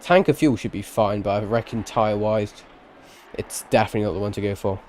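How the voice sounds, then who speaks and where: A man's voice: lowish voice, brisk, darkish tone, a little hiss or hum. A man giving live-streamed sim racing commentary, chatty and rambling, with self-deprecating asides and a tired edge.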